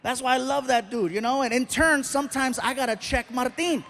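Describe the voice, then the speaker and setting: A middle-aged man performing a stand-up comedy set on a live stage, telling stories with animated delivery and acting out other people's voices. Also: extremely high pitch, brisk, a little hiss or hum.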